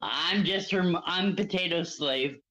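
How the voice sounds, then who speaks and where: A guest on a live stream chatting casually, talking haltingly and laughing between words. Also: medium pitch, pushed and bright, muffled recording. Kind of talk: casual chat.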